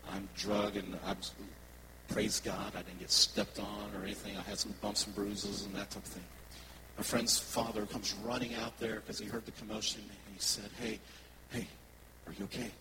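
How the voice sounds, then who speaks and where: A man, a worship pastor, preaching a sermon and telling personal stories in a conversational, animated way to his congregation. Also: fairly low pitch, normal speed, very noisy.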